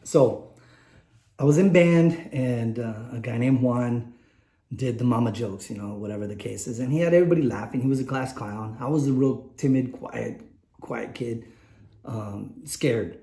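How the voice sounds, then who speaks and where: A man's voice: medium pitch, normal speed, mellow. Candid middle-aged man, echoey room. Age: late 40s. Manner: rambling, candid, many fillers and restarts. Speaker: vlogger telling a personal story. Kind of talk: unscripted personal storytelling. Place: indoors, warm room.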